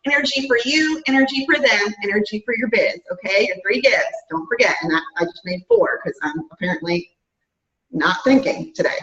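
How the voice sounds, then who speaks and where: A fitness business coach with a high, slightly bright voice gives her team an upbeat, chatty pep talk, frequently saying "guys" and "right?" The recording sounds roomy, distant, and dull.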